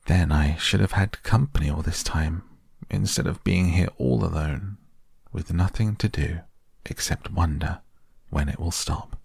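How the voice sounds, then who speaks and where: A man reads a children's classic aloud as a soft, soothing bedtime story. His voice is extremely deep and husky, and he takes it very slowly. The sound is close and dry. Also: no echo. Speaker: audiobook narrator.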